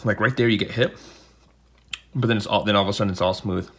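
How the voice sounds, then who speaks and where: A low-pitched man talks casually to his camera at home. He rambles a little and tosses in jokey asides while he unboxes gear and tastes a beer. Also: steady tone, quick pace, a bit bright, slight background noise. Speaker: unboxing video host.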